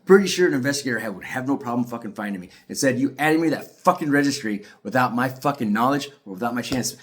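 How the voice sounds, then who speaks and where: A frustrated man from ranting to camera in a heated, profane monologue, swinging between shouting and tired muttering. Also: medium pitch, lively intonation, fast talker. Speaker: parent speaking out about a custody case. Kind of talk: angry ranting video monologue.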